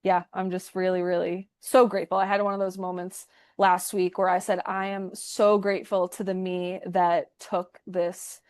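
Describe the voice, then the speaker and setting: A woman's voice: lowish voice, flat delivery, normal speed, few pauses, darkish tone, dry recording, clean studio sound. A young woman giving a heartfelt testimonial in a conversational interview, speaking effusively and often restarting her sentences. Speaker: program participant giving a testimonial.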